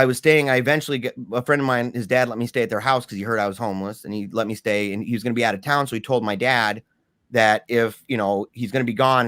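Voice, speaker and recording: A young man telling his personal story in a candid, animated way with slangy asides. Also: medium pitch, no room sound, studio quality.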